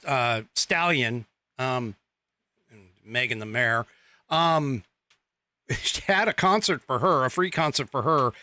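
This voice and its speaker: A male podcast host delivers a political monologue at an unhurried, drawn-out pace, with a bright, forward tone. He halts often, restarts his sentences, and slips in sarcastic asides. The sound is dry and close, with no room echo. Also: a little high. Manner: rambling, halting with many fillers and restarts, sarcastic asides.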